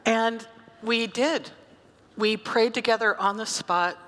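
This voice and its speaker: A woman pastor preaching a sermon, telling a story in a conversational, animated way. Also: a little high, a little slow. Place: church sanctuary. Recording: church hall reverb.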